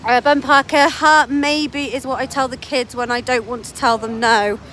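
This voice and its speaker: A high-voiced woman, a little out of breath as she walks, reads listener comments in an easygoing way and laughs easily. Faint outdoor traffic noise sits behind her. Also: fairly even intonation, moderate pace, fairly bright tone. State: out of breath from walking. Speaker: podcast co-host reading chat messages. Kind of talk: casual chat, reading listener comments. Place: outdoors while walking.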